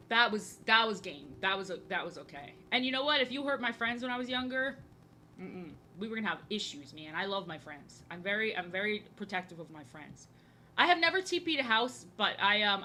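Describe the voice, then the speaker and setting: Bright-voiced chatty young woman. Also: medium pitch, a little hiss or hum. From New Jersey. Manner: rambling and chatty, with many fillers and restarts; frank and playfully crude. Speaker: streamer and artist. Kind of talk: casual chat while drawing on stream.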